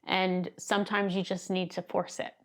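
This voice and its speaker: A woman's voice: on the low side, flat delivery, normal speed, a bit bright. A woman coaching video creators in a casual, conversational talk to camera, laughing easily as she explains. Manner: conversational, laughs easily, gestures while talking. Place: seated indoors, filming herself.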